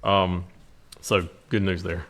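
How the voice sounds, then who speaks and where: A city official giving his report at a council meeting in a measured way, with many filler ums. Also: sits low, little pitch movement, a bit bright.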